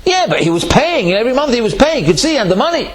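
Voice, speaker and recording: A man's voice: very high-pitched, big pitch swings, very fast, crowd noise, voice pushed up. A man playing a shifty deputy who brushes off his misdeeds with glib excuses. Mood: excusing. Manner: glib, evasive excuse-making. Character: fawning, shifty male deputy landlord.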